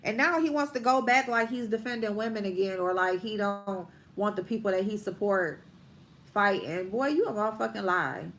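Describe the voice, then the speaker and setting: A woman's voice: mid-range voice, normal speed, a bit bright, slight background noise. A woman hosting a casual livestream, ranting bluntly and profanely, stretching out her emphatic lines while she does her makeup. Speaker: vlogger host.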